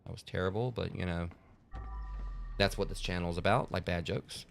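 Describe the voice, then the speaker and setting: A man's voice: low voice, fairly even intonation, normal speed, vocal fry, slight background noise. A man hosting a gaming channel, rambling and joking through casual let's play commentary. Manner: rambling, joking, lots of fillers.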